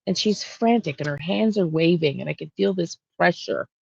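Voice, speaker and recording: A woman talking straight to camera as a true crime intuitive, rambling and halting with lots of fillers and restarts. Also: on the low side, vocal fry, breathy edge, lo-fi sound. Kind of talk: casual monologue on camera.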